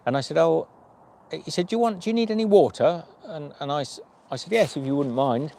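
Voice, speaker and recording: A man's voice: fairly high pitch, expressive, fairly quick, gravelly, warm tone. A man, a hiking vlogger chatting on a livestream and telling stories with quoted dialogue. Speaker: vlogger and long-distance hiker. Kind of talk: livestream storytelling chat.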